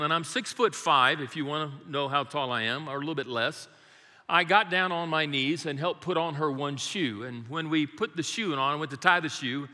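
A man's voice: a little high, pushed and bright. An older man, a great-grandfather, preaching a sermon in a church, praying and telling folksy, humorous family stories. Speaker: guest preacher. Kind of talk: sermon with prayer and storytelling. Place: church sanctuary. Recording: long reverb of a large hall.

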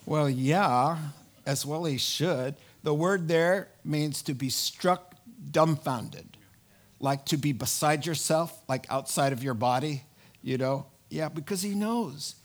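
A man preaching a sermon, telling a Bible story with animated energy and acting out the characters' lines. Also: on the high side, slow pace. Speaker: pastor.

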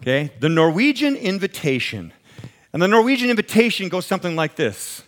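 This is a man preaching a sermon. His voice sits high and swings all over the place as he tells stories in a conversational way. He acts out the voices of the people in his stories. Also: brisk. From American Midwest. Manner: animated storytelling, acts out quoted voices, chuckles. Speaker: pastor.

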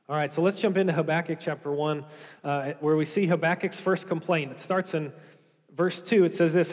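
A pastor preaching a sermon, earnestly reading scripture aloud and explaining it. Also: male voice, fairly high pitch, steady tone, normal speed, in a large hall.

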